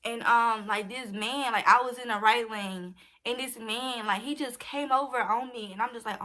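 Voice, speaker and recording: A young woman with a drawl tells a storytime to her viewers, talking straight to them in a loose, chatty way. Her voice sits a bit high and sounds bright and clear. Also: fairly even intonation, moderate pace, hardly any pauses. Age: young adult. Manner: chatty, addresses viewers directly as y'all. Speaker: vlogger. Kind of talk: casual storytime.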